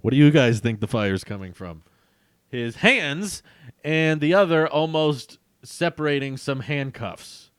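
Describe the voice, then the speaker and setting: A man's voice: on the high side, lively intonation, measured pace, smooth, no echo, studio quality. A young man reading his childhood comic aloud as a vlogger, with self-mocking, amused asides.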